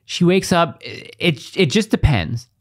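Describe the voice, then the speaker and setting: A man in his thirties co-hosting a podcast, chatting casually and telling animated stories with put-on shouting voices. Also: a little high, unhurried. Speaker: podcast co-host. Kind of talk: casual chat.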